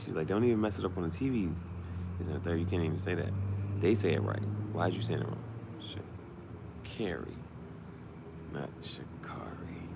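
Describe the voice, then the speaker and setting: A man's voice: low voice, fast, gravelly, background noise. A man, rambling in a loose, joking monologue and often laughing. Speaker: vlogger.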